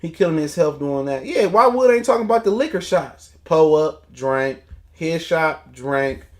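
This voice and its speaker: A man's voice: fairly high pitch, expressive, normal speed. A man hosting a casual boxing livestream, ranting in a heated, profane, mocking way. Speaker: boxing talk show host.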